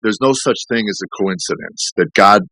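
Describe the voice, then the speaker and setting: Low-voiced man telling a candid story. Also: normal speed, bright, forceful tone, no echo, poor audio. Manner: rambling, candid storytelling with many restarts and fillers. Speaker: comedian guest. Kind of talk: storytelling in podcast interview.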